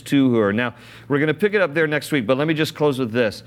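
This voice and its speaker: A man delivers a sermon in an earnest, conversational manner. He reads scripture aloud and then stops to explain it in his own words, with a voice of ordinary pitch for a man. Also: a little fast. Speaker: pastor.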